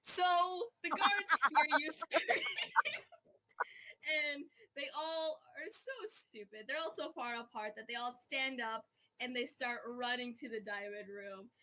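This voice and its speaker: A woman's voice: a little high, a little slow, sharp tone. A woman running a roleplay as game master, narrating with a chatty, giggly, playful manner over a voice call. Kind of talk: narrating a tabletop-style roleplay.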